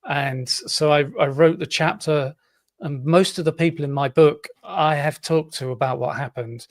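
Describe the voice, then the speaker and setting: Male guest author, higher voice, dry sound, explains plainly. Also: normal speed, dry recording. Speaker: author and podcast host. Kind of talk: interview answers.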